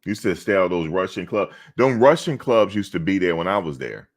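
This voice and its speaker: Here a man with a low voice talks briskly and with animation. As a reaction streamer, he chats casually on stream, wandering through rambling stories and speaking right to the people in chat.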